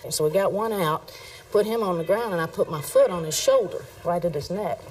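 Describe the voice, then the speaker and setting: A woman police officer telling a work story in a brisk, plain manner. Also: fairly low pitch, lively intonation, darkish tone, distant mic, poor audio. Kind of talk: interview anecdote.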